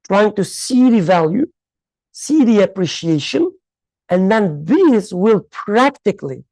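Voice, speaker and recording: This medium-pitched, creaky voice with a darkish tone belongs to someone in a faith study circle explaining a hadith. They pause to find words, reflect as they go, and speak English with uneven grammar, with no room sound in the recording.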